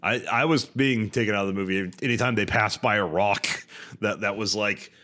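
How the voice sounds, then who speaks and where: Dry, lower-voiced male co-host. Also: normal speed, sharp tone. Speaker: podcast co-host. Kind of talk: casual film review chat.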